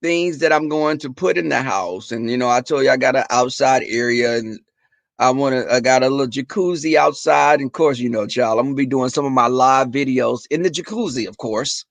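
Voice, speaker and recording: A young adult man chatting casually and profanely to viewers in a livestream, telling animated stories. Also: mid-range voice, fairly quick, vocal fry, no echo. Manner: profane, animated storytelling, talks to viewers as y'all. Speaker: livestream host.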